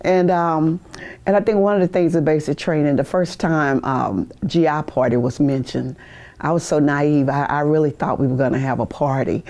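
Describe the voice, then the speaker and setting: A woman in her sixties speaks in a low, mellow voice and tells her stories with easy humor. She breaks into laughter now and then and acts out what others said. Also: fairly even intonation, moderate pace. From United States. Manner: storytelling, laughs often, acts out quoted voices. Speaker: veteran interviewee. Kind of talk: oral history interview. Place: university media studio.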